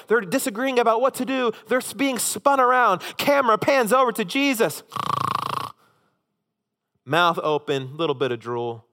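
A man preaching a sermon as a pastor, telling a story with animated, emphatic delivery. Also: a little high, moderate pace. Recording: long hall reverb.

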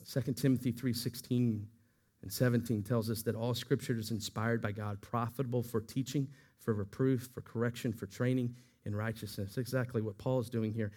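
A man preaching a sermon, his voice rising and swelling when he quotes scripture and falling soft at the ends of lines. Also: medium pitch, fairly even intonation, normal speed. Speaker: pastor.

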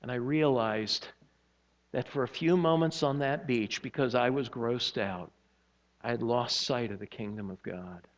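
A male pastor preaching a sermon, telling a personal story with shifts from animated to hushed and earnest. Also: mid-range voice, unhurried, dull audio.

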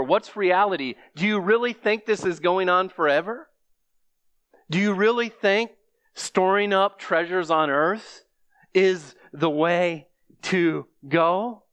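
Man preaching a sermon, slightly high voice. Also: a bit bright. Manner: rhetorical questions, reads scripture aloud. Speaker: pastor.

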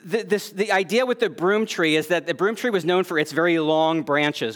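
A man preaching a sermon as pastor, earnest, rising to emphatic peaks and then dropping soft and low.

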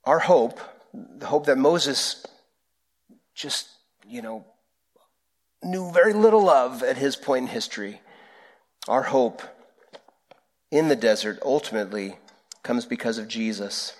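Guy preaching a sermon, earnest and prayerful, takes his time, regular mid pitch. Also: animated. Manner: earnest, prayerful, slow deliberate phrasing. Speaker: pastor.

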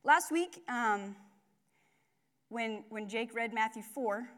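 At a church gathering, a young woman with a high voice delivers a casual sermon. She keeps it relaxed and chatty, with plenty of fillers, asides and quick self-corrections.

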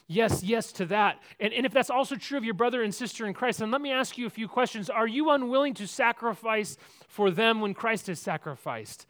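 A man preaching a sermon, telling a Bible story with big swings between loud and hushed, often repeating words and restarting sentences. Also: extremely high pitch, expressive, a little fast, hardly any pauses. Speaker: pastor.

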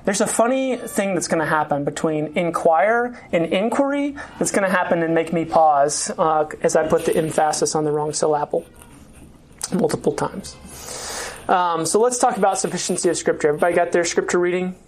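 Brief: lower-voiced woman, church class teacher, conversational, halting restarts. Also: a little mellow, slight background noise. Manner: conversational, with frequent fillers and restarts.

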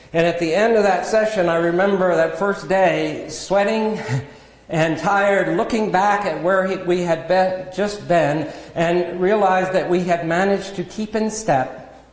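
A man preaching a sermon in a measured, earnest teaching manner, with self-deprecating asides. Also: high voice. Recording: echoey hall with long reverb.

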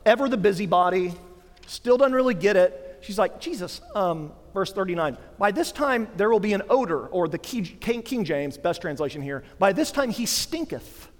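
A man in his thirties, a pastor preaching an emphatic Easter sermon in a church. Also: sits high. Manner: emphatic preaching, swelling to forceful declarations. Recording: long hall reverb.

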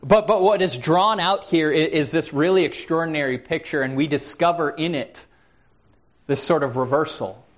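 A man's voice: fairly high pitch, moderate pace, dull audio. A man preaching a sermon in an earnest way, often repeating words as he starts a phrase.

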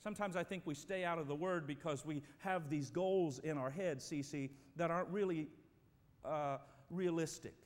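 Pastor, male, high voice, emphatic sermon delivery, big echoing church sound. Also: moderate pace. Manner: emphatic preaching, swings from loud to quiet. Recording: long reverb of a church hall.

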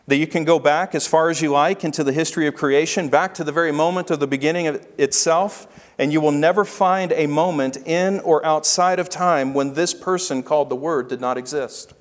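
A pastor delivers a sermon in a somewhat high voice. He preaches emphatically, slowing down to press home his key phrases. His words ring out with the long reverb of a large hall.

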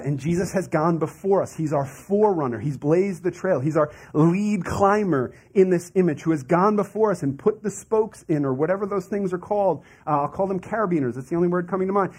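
A man's voice: high-pitched, a little mellow, slightly rough. A man preaching a sermon as a pastor in a conversational way, with asides and laughs.

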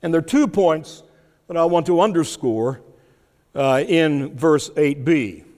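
A man preaching an expository sermon, teaching deliberately with occasional restarts and fillers. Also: a little high, darkish tone. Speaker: pastor. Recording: long hall reverb.

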